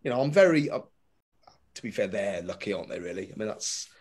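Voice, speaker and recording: A man doing a stand-up comedy routine, swinging between loud punchlines and muttered asides. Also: on the low side, animated, quick pace. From Britain. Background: audience laughter.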